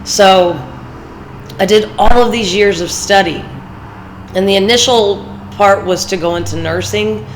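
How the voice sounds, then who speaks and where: A woman's voice: medium pitch, unhurried, a little hiss or hum, rough recording. A woman with a congested voice, rambling and personal as she gives casual motivational talk in a vlog, with fillers between her thoughts. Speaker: vlogger.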